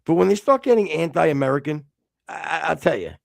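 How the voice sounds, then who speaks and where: A man's voice: a little high, lively intonation, fairly quick, vocal fry, no echo, studio quality. A man co-hosting a casual podcast stream, joking crudely, laughing often and stammering. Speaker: podcast co-host. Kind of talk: casual live-stream chat.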